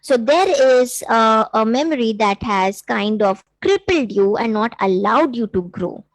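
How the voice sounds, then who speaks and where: A woman's voice: a little high, lively intonation, unhurried, dry recording, rough recording. A woman coach hosting a live-streamed workshop. She talks earnestly, with many fillers, to viewers she invites to write in. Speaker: intuitive coach and workshop host.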